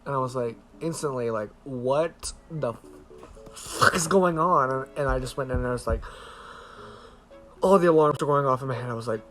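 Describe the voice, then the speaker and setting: Guy rambling a story into his phone cam, lots of "like" and swearing, mid-pitched voice, faint music under it. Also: fast talker. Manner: rambling, swears freely, fillers of "like". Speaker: vlogger. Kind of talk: casual storytelling to camera. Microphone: handheld camera close to face.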